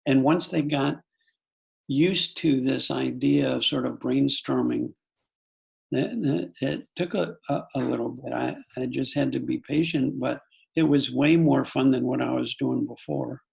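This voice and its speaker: A man's voice: medium pitch, unhurried, creaky, darkish tone, husky. An older man, a psychologist guest on an interview show, telling family stories in a thoughtful, conversational way with frequent restarts. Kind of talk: reflective conversational storytelling.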